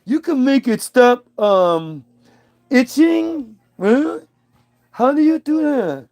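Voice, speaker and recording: A man putting on squeaky, whiny naive first man. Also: very animated, slow pace, a little mellow, no echo, exaggerated voice. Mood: squealing. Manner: high squeaky whine, then low grumble.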